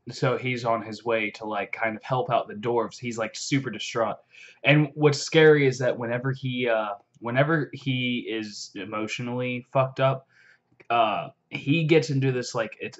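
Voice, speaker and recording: A young man excitedly recapping a fantasy novel in a rambling vlog, full of fillers and swearing. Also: medium pitch, moderate pace. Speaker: vlogger. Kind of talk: casual book recap. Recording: dull lo-fi audio.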